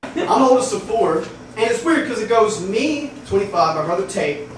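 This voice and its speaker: High-voiced comedian in an echoey club. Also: male voice, lively intonation, moderate pace, distant mic, slight background noise. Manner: asks the crowd questions, laughs at own lines. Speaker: stand-up comedian. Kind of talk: stand-up set recording.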